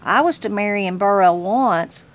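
A woman's voice: medium pitch, measured pace, lightly acted. A woman with a Southern Appalachian accent voicing a spry, tart elderly mountain granny, reading aloud from a storybook. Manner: tart, homespun mountain speech.

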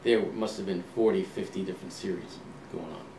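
A man in his sixties, an author being interviewed, telling relaxed anecdotes and acting out old conversations, with frequent ums and restarts. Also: sits low, fairly quick. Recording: roomy, distant mic, faint ambient hum.

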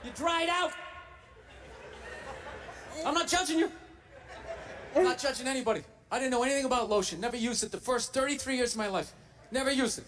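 A man doing a stand-up comedy routine, ranting loudly and shouting his punchlines. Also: very high voice, fairly quick, long pauses, far from the mic, a little hiss or hum.

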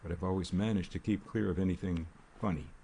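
A man voicing a nervous, uneasy chauffeur in an audiobook, speaking haltingly and doggedly. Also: low-pitched, fairly even intonation, dark tone, slight background noise. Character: nervous working-class male chauffeur. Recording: faint rain ambience behind.

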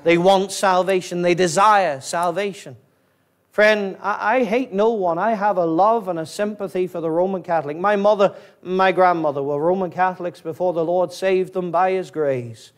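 A Northern Irish man preaching with a high, ringing voice. He pleads through repeated questions, climbing to urgent peaks before sinking low and quiet. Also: moderate pace. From Northern Ireland. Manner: rising to urgent high-pitched emphasis, then dropping low; repetitive, pleading rhetorical questions. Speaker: pastor. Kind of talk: fiery evangelistic sermon.

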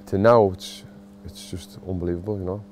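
Low-pitched and a little mellow, this man speaks fairly quickly with fairly even intonation, and there's slight hiss or hum. A boxing coach and vlogger in his thirties from Sunderland, he has a Mackem accent and vlogs from a football stadium in a casual, emotional, self-deprecating way.

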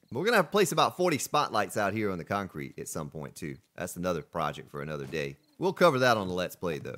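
A man's voice: deep voice, very animated, quick pace, hardly any pauses, fairly bright tone. A man casually commenting while streaming a survival game, thinking aloud with puzzled asides. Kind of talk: casual let's-play commentary.

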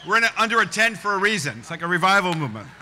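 A man's voice: sits high, very animated, rapid-fire, sharp tone, slight background noise. A man hosting a ceremony, offering effusive thanks with a laugh. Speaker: ceremony host. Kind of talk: ceremony remarks. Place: large tent outdoors.

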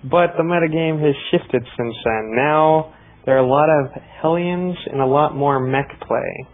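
A man's voice: a little high, unhurried. Dry-joking male co-caster, tinny line. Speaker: esports co-caster. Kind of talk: casual live game commentary. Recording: tinny phone-like stream audio.

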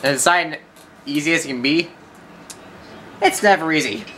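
A man's voice: fairly high pitch, normal speed, pushed and bright, slight background noise. A man casually commentating over gameplay, joking and riffing, sometimes in mock broken English. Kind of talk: casual let's-play commentary.

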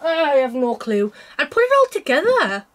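A woman's voice: high voice, sing-song, moderate pace, fairly bright tone. A woman vlogging about her cross-stitch projects in a chatty, self-mocking way, laughing often while feeling unwell. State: unwell with a cold. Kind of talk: casual chat to camera.

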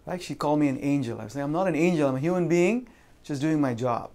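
A man's voice: a little high, animated, darkish tone. A man giving a seminar talk, telling a personal story conversationally and often ending sentences with "right?". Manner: pauses and restarts with fillers. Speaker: seminar speaker on insurance and real estate. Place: lives in Vancouver.

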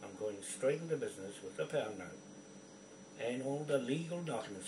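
A man's voice: medium pitch, animated, moderate pace. A man ranting angrily at the camera, swearing constantly and confronting people by name. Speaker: video poster. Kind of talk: angry rant to camera. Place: indoors at a computer. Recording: roomy, distant from mic, faint background noise.

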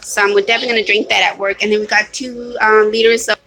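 A woman's voice: medium pitch, level tone, fast talker, pushed and bright, a little hiss or hum, rough recording. A woman chatting casually on a home live stream, apologetic and rambling, with lots of ums and restarts. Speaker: vlogger. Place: at home, hot room. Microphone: phone or webcam.

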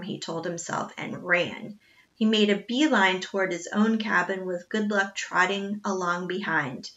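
A woman reads a children's novel aloud with expressive storytelling. Her voice is bright and clear, and it sits at a middle pitch. The recording is somewhat dull and lo-fi. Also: a little slow. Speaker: reader.

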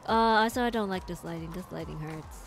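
A woman streaming a game live, excitable and giggly, thinking out loud as she plays. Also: on the low side, quick pace, gravelly, faint music behind. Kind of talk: live gameplay commentary.

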